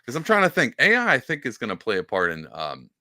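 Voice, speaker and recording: A fast-talking podcast host with a medium-pitched voice reacts to a clip in a dry, studio-quality recording. His casual commentary is animated and full of fillers and mocking impressions.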